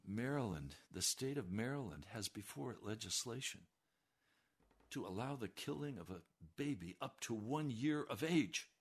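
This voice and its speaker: A man preaching a sermon with passion, dropping to hushed warnings and rising to loud declarations. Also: mid-range voice, animated, normal speed, slightly rough. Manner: impassioned, swings between hushed warnings and raised declarations.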